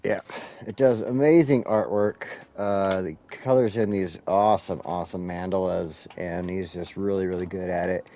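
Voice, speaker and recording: A man's voice: low-pitched, fairly even intonation, moderate pace, dark tone, slight background noise. A man hosting a casual live game stream, rambling and swearing as he talks to his chat while clicking through menus. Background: faint background music.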